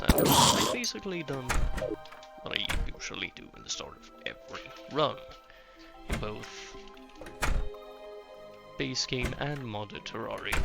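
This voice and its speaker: A man's voice: mid-range voice, vocal fry. A man giving casual, rambling gameplay commentary as a video host, explaining things step by step. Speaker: gaming YouTuber. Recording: loud background game music.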